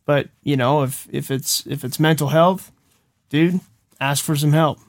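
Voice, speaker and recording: A man's voice: a little high, steady tone, measured pace, dry recording. A man co-hosting a podcast in casual conversation, mostly backing up his co-host with short agreeing replies. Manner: supportive listener, short agreeing replies, says "dude". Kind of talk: casual chat.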